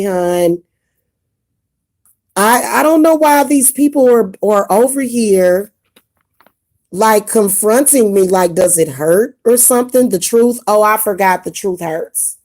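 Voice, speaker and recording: A spiritual advice vlogger rants casually to her viewers in a monologue to camera, blunt and indignant and often repeating herself. Her voice is medium-pitched and a little mellow.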